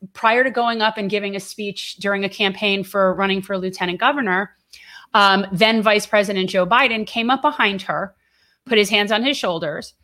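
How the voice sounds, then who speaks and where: Woman cohost ranting on a political chat show, animated, emphatic. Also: medium pitch. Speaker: co-host. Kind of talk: casual political talk.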